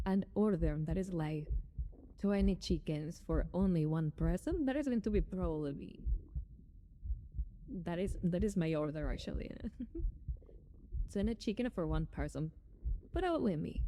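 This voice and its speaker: A young woman hosts a casual live stream and talks to her chat in an unhurried, drawn-out way. Her voice sits a little low and sounds warm and mellow. She giggles often and greets viewers as they come in. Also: slight background noise.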